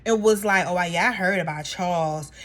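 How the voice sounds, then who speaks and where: A woman casually recapping a reality show in a gossipy, animated way, acting out the cast members' lines. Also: lowish voice, moderate pace.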